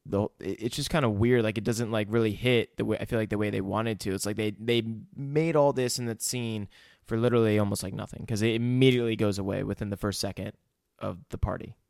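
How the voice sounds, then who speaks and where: A man's voice: on the low side, steady tone, fast talker, creaky, a little mellow, no room sound, clean studio sound. A man co-hosting a casual podcast, talking in a laid-back, rambling way full of restarts. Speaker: podcast co-host. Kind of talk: casual chat.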